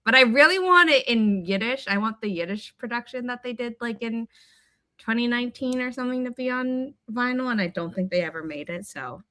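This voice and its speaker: A woman hosting a writing livestream, chatting casually and telling rambling, animated stories. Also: fairly high pitch, a little fast. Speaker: writing sprint host.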